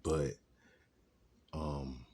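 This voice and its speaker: A man's voice: rumbling low, steady tone, very slow, mellow, husky. A man telling his life story in a rambling, casual way, drifting off topic and restarting his sentences. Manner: rambling, digressive, restarts often.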